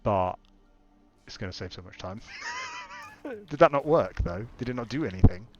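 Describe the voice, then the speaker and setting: A man's voice: mid-range voice, wildly swooping pitch, unhurried, dull audio, music in the background. A young man casually commenting as he plays a video game, thinking aloud with exasperated asides. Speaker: gamer. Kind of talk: casual let's-play commentary.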